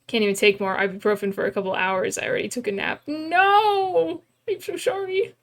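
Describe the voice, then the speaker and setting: A woman's voice: on the high side, fairly even intonation. Playful woman streaming a game. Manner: playful, self-mocking, quick to laugh. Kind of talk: casual let's-play commentary. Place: room at home.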